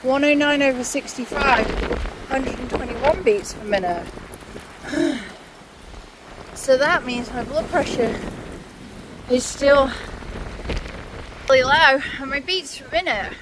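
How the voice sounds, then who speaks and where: Woman, forties, out of breath, chatty, slightly high voice, wind buffeting a phone mic. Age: 40s. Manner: chatty and candid, pausing to sigh and catch breath. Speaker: vlogger. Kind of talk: casual talk to camera while walking. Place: outdoors on a windy hillside. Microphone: handheld phone.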